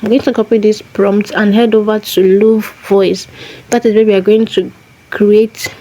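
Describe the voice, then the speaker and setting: Mellow-voiced woman explaining step by step. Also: mid-range voice, flat delivery, normal speed, poor audio. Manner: methodical, repeats key phrases. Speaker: tutorial host. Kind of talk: step-by-step screen tutorial.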